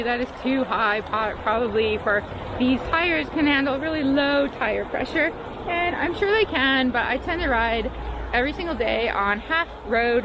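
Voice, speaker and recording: Higher-pitched lady rambling about her bike on a ride, laughy and self-deprecating, lots of outdoor noise behind her. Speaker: vlogger reviewing her bike. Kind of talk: casual chat while riding. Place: outdoors on trails and roads. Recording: noisy outdoor recording.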